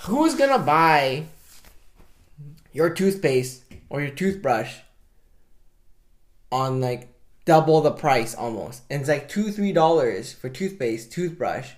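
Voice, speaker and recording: A man co-hosting a casual chat in a relaxed, wry way, laughing at his own jokes. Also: fairly high pitch, takes it slowly, long pauses. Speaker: podcast co-host.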